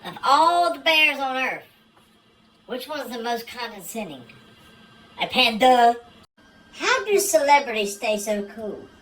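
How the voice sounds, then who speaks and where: A woman's voice: fairly high pitch, very animated, unhurried, long pauses, fairly bright tone, far from the mic, soft background music, poor audio. A woman telling a string of one-liners and dirty jokes in a dry, matter-of-fact way. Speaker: joke teller. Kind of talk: deadpan joke telling.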